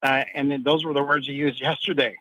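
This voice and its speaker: A man's voice: mid-range voice, steady tone, fast talker, fairly bright tone, no echo, rough recording. A man giving football analysis as a guest on a sports talk radio show, rambling and restarting often.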